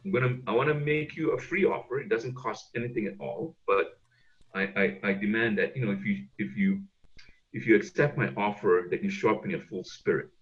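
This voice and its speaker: Man, speaker trainer, emphatic coaching, repeats words, lowish voice, dull lo-fi video call sound. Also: brisk. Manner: emphatic, repeats words when pushing a point.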